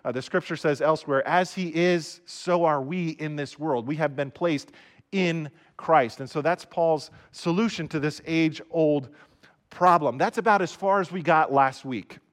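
A man's voice: on the high side, measured pace. A man preaching a casual, conversational sermon to viewers at home, often repeating words as he restarts. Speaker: pastor. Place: recorded for online viewers at home.

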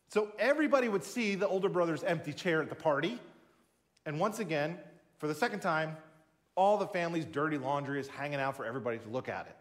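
A man's voice: high-pitched, fairly bright tone. A man preaching a sermon, explaining a passage with emphatic, conversational storytelling.

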